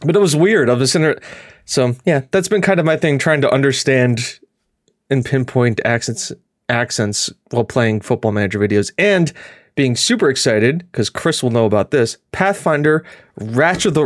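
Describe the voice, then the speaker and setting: A man's voice: mid-range voice, normal speed, no echo, clean studio sound. Man chatting animatedly on a podcast. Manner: rambling, animated, laughs often. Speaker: podcast host. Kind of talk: casual chat.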